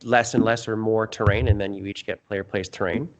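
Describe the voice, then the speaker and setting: A man's voice: lowish voice, steady tone, a little fast, lo-fi sound. A man from Canada who organizes events, laying out his plans plainly on a casual podcast.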